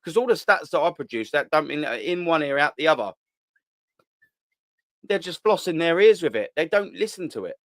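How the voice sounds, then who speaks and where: A young man rants on a live fan stream, repeating himself and swearing as he works up his anger. His voice sits fairly high. The sound is dry and close, with no room echo. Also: animated, moderate pace. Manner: heated, ranting, repetitive, swears. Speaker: host of a live fan channel. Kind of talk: live-stream rant reading the chat.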